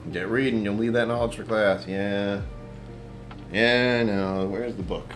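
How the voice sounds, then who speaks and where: A man's voice: lowish voice, fairly even intonation, unhurried, a bit bright, soft background music. A man hosting a casual whiskey-tasting livestream from his apartment, rambling, talking to himself and chuckling often.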